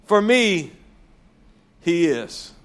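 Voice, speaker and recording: A man preaching a sermon as pastor, emphatic, slowing down to stress key words. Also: sits high, sing-song, a bit bright.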